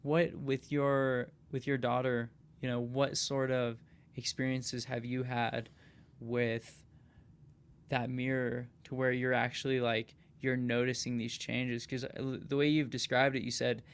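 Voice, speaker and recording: A man's voice: medium pitch, flat delivery, unhurried, smooth. A man hosting a casual podcast conversation, talking emphatically and often tossing in "dude", "man" and "right?". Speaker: podcast host.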